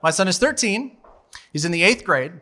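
A man's voice: high-pitched, expressive, normal speed, pushed and bright. A man in his forties telling a funny personal story live on stage into a microphone, chatty and laughing at his own tale. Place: live storytelling show at a bar venue.

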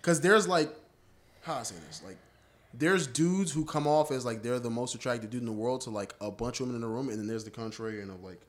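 A man's voice: medium pitch, fast. A man hosting a podcast, joking and teasing his guest in casual banter. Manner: teasing, joking, laughs often. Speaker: podcast host.

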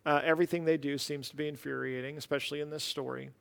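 A man preaching a sermon, animated and conversational, with casual asides. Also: on the high side, fast, gravelly, in a large hall. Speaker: pastor.

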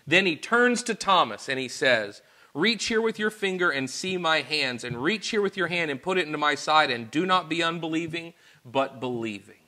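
A male preacher with a fairly high, bright and forceful voice delivers an earnest sermon. He drops into quiet, intimate confession, then builds to loud, emphatic rhetorical questions.

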